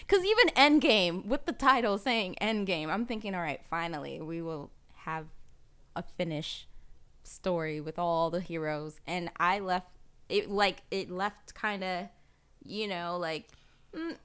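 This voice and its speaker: A woman hosting a podcast in casual chat who laughs often and jumps up in pitch when she quotes people. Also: a bit bright, smooth. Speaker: podcast host. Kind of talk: casual chat reacting to a movie trailer.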